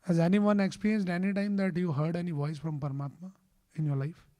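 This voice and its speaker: A man's voice: high voice, fairly even intonation, brisk, dark tone. A man speaking at a temple, giving a scripture class sermon. He explains patiently and puts questions to the audience. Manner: chants Sanskrit verses. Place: temple hall.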